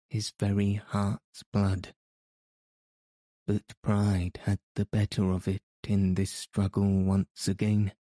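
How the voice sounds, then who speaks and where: Male audiobook narrator, low mellow voice, flat even delivery, slow, dry close sound. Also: dry recording. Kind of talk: scripted narration of a classic novel.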